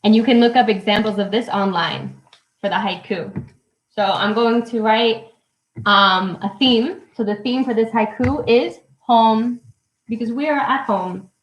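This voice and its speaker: A young woman teaching English poetry to children in a live online lesson, speaking slowly and clearly and cheering them on. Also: on the high side, roomy sound, dull audio. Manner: encouraging, slow and clear, counting syllables aloud. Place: at home.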